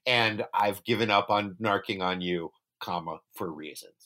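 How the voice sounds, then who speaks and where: Podcaster doing a tired magic harp, low flat deadpan voice. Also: normal speed. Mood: resigned. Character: weary all-knowing magic harp.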